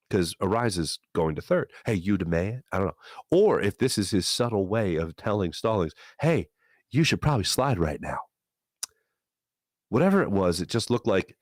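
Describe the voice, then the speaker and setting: A man hosting a sports talk podcast in an animated, lively voice that swings up and down as he retells a play. He jumps into quick impressions of the players now and then. The sound is dry and close, with no room around it. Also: a little high, no echo. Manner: animated, acts out players with shouted asides. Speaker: sports talk show host.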